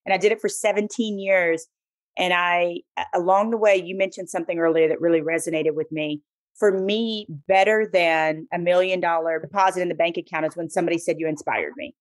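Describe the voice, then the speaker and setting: A woman tells her stories with lots of animation. Her voice sits a little low for a woman. The sound is dry and close. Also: fairly quick, dry recording. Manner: animated, expressive storyteller. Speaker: podcast guest, former sportscaster. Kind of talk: casual storytelling interview.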